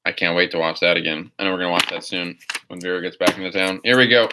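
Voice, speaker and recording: A man's voice: deep voice, steady tone, fast, heavy background noise. A man hosting a live stream, answering viewer questions in a rambling, opinionated way. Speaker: host.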